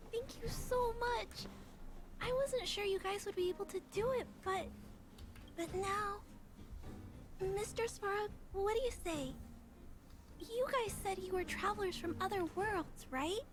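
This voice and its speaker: A woman voicing a sweet, shy young girl in video game dialogue, soft and earnest with small hesitations. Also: extremely high pitch, slow, long pauses.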